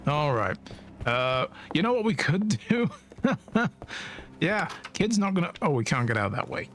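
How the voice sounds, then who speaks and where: A man's voice: on the high side, sing-song, unhurried, fairly bright tone. A man streaming a video game, chatting casually and thinking aloud with frequent laughs. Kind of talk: casual let's-play commentary.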